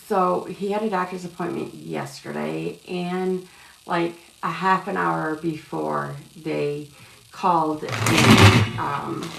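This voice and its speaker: A woman's voice: lowish voice, creaky. A woman giving casual live-stream tarot readings, rambling and calling viewers love and sweetheart. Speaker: tarot reader. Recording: echoey room with faint background noise.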